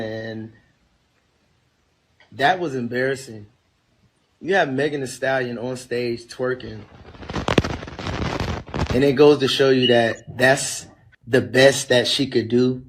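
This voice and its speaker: A man's voice: mid-range voice, slight background noise, rough recording. A man talking casually and dismissively in a commentary clip.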